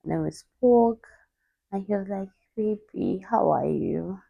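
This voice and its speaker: A young woman vlogger telling a personal story in a halting voice, holding back tears. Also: mid-range voice, animated, vocal fry, husky, no echo, narrow, tinny audio.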